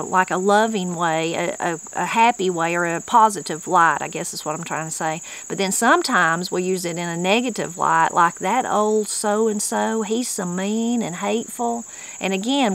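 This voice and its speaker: A woman's voice: lowish voice, moderate pace, few pauses, a bit bright, poor audio. Folksy Appalachian woman explaining words. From Appalachia, western North Carolina. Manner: folksy, conversational, reads dictionary entries aloud. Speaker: host explaining regional words. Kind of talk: casual explanatory talk.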